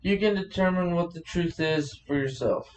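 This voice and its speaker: A man co-hosting a podcast in casual chat, blunt and profane and quick to laugh. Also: sits high, distant mic, slight background noise. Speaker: podcast co-host.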